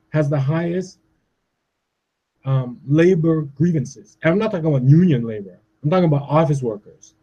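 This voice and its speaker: A man in his forties from Canada rants in an agitated, profane monologue, often tagging his points with "all right?". His voice sits a little high but sounds mellow and soft-edged. The recording is dull and lo-fi. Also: slightly rough. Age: 40s. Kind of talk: ranting monologue.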